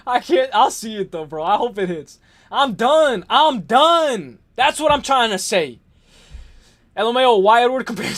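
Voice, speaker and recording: Hyped up guy on a livestream, kinda high voice, cussing and ranting at chat. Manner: excitable, profane, joking rants. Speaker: live-stream host. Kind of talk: casual live-stream chat reading viewer comments.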